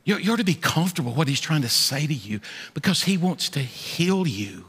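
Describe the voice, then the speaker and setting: A man preaching a sermon in a large church, folksy and animated, often repeating his words. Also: fairly high pitch, brisk, breathy edge. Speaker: pastor. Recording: echoey church hall.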